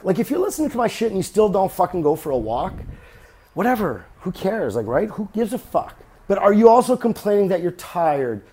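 Podcast host, male, blunt profane monologue, warm dark tone. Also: a little high. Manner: blunt, profane ranting with mocking imagined voices. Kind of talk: casual monologue.

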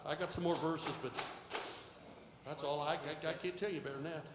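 A middle-aged male pastor preaching a sermon, moving from quiet storytelling to shouted exhortation. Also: a little high, steady tone, fairly quick. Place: church sanctuary. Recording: echoey hall with faint noise.

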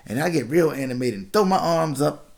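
A man's voice: a little high, brisk, vocal fry. A man in his thirties from Washington, D.C., a podcast host, tells a story in casual chat, swearing freely, laughing, and acting out the people in it. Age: 30s. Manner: profane, laughing, animated storyteller.

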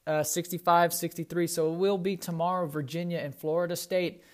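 A man with a slightly higher voice hosting a casual sports podcast. He rambles, restarts his sentences and corrects himself as he talks through the games. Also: fairly even intonation, brisk. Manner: rambling, self-correcting, checks scores live. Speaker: podcast host.

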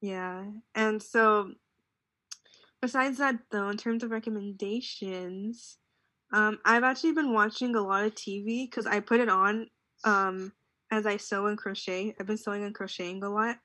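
A woman's voice: mid-range voice, moderate pace, dry recording, studio quality. A young woman chatting casually as a podcast co-host, rambling and saying "like" a lot. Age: young adult. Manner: relaxed, rambling, heavy use of "like". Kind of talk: casual chat.

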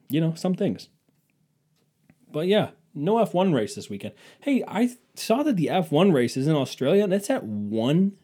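A man's voice: fairly high pitch, dark tone, husky. Profane sarcastic ranting man. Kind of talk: casual comedic rant.

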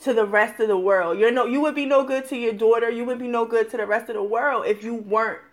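A woman hosts a relaxed interview, affirming her guest and sharing her own stories. Her voice sits somewhat high. She talks in an easy, encouraging way. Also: fast talker. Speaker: host. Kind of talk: supportive interview chat.

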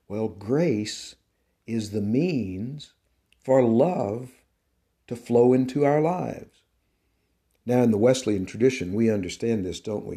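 A man giving a devotional teaching talk on his podcast, slow and deliberate, with an emphatic preaching cadence. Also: fairly low pitch, mellow. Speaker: podcast host and Christian teacher.

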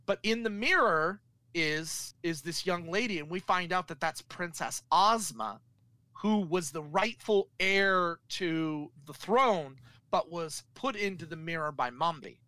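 A man's voice: fairly high pitch, unhurried, dry recording, rough recording. A man casually recapping a film plot for a co-host, acting out the characters' lines as he goes. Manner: animated storyteller acting out characters. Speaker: podcast co-host.

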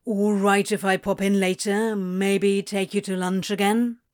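A woman voicing a flustered, weak-kneed male demon in a fan-fiction reading, speaking low and shaky. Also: little pitch movement, a little slow, darkish tone, lightly acted.

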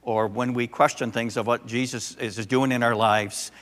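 An older man, a pastor, preaching a sermon and telling a story with animated, acted-out voices. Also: medium pitch, normal speed, long reverb tail.

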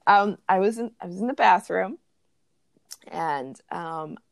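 Chatting on a podcast she co-hosts, a young woman from the greater Los Angeles area tells stories with many fillers and restarts. Her voice is fairly low and creaky, a little slow, with lively intonation and no room sound.

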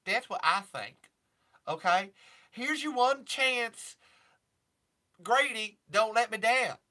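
A man's voice: very high voice, animated, slow, pushed and bright, voice pushed up, heavily acted. A man putting on a tough country-singer woman, a hard-working single mom, with a twangy, sassy and bossy way of talking. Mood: flirty.

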